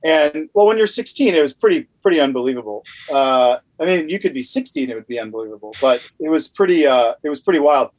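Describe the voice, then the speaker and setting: A man's voice: on the high side, quick pace, few pauses, low-quality recording. A man from Louisiana telling a rambling anecdote as a podcast guest, with lots of fillers. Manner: animated, rambling with many fillers. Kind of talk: casual storytelling.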